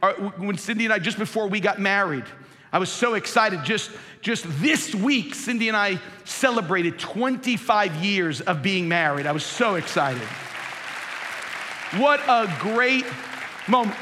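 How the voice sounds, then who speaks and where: Bright, high-pitched male preacher in a big hall. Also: expressive, measured pace, a faint crowd, a little hiss or hum. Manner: emphatic preaching, swinging from loud highs to low storytelling. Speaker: pastor. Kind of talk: sermon. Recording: long hall reverb.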